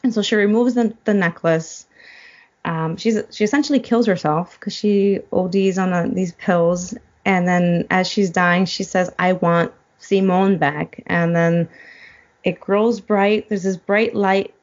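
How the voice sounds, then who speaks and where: A woman's voice: mid-range voice, fairly even intonation, unhurried, dull audio. A woman guest in a casual chat, retelling a film plot and getting choked up as she goes. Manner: emotional, choked up while retelling. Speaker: podcast guest.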